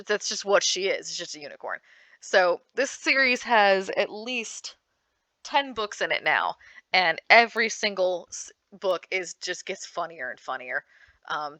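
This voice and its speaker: A woman gives an upbeat panel talk recommending comics and manga. Her voice is bright and forward. She talks in a lively, animated way, often restarting her sentences. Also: on the low side. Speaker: librarian giving a book panel. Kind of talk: enthusiastic book recommendation talk.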